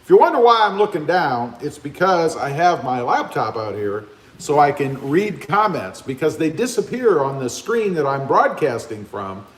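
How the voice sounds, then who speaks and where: A relaxed man hosts a live chat from his open garage, reading out comments and greeting viewers one by one. His voice sits a little high and swings freely in pitch. The phone mic picks up a roomy, echoing garage. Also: moderate pace. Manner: laid-back, chatty, greets viewers by name. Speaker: livestream host. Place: open garage with a fan running. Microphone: cell phone camera.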